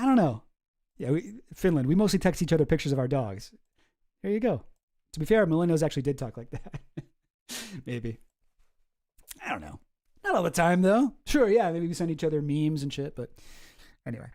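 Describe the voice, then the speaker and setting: A man's voice: fairly high pitch, very animated, normal speed, long pauses, mellow. A man hosting a casual commentary stream, rambling and self-deprecating, swearing often. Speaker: streamer host.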